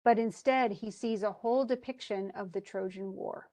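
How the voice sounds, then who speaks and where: A woman's voice: mid-range voice, moderate pace, dark tone. A woman retelling a classical epic to a class in a casual, chatty lecture full of fillers and restarts. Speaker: teacher.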